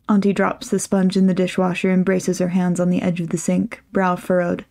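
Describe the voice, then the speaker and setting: A woman reading a fan fiction story aloud with lively, wry storytelling. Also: on the low side, normal speed, vocal fry, few pauses. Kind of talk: audiobook narration.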